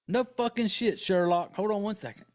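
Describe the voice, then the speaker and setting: A man's voice: high-pitched, normal speed. A man hosting a podcast, casually and profanely retelling a horror movie's plot with joking asides. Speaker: podcast host.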